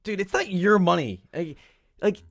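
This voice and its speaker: A man's voice: high voice, normal speed. A man co-hosting a podcast, reacting with frequent laughter and swearing in casual chat. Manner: profane, laughs often, reacts a lot. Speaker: podcast co-host.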